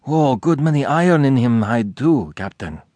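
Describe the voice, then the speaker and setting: Casting: man doing a halting harpooner in broken English, groping for words, lively pitch. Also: dry recording, lightly acted.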